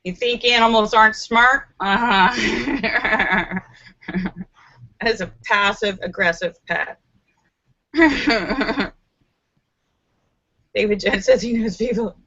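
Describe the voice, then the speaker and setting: Woman host, bright forceful tone, unhurried delivery, chatty and giggly; muffled lo-fi laptop audio. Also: on the high side. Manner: chatty and animated, giggles often. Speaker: live-stream host reading viewer comments. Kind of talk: casual live-stream chat. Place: room at home by a window. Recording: slightly muffled lo-fi.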